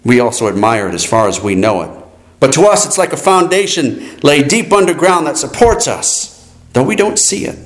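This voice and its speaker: A man's voice: on the high side, big pitch swings, normal speed. A man preaching a sermon in a solemn, declaiming way, his voice rising and falling. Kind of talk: sermon reading.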